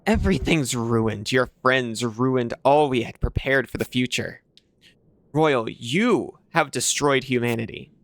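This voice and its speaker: A man's voice: mid-range voice, measured pace, no room sound, lightly acted. A man voicing a cold, imperious mother who rules a city, speaking in a stately, formal and condescending way while reading game dialogue aloud. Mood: cold fury.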